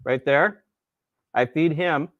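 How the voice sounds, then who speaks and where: Taking it slowly in a slightly high voice, a man chats on a live cooking stream, enthusiastic and chatty though a bit tired from a late night, and he tells stories using voices. The recording has no echo, but the highs are cut off.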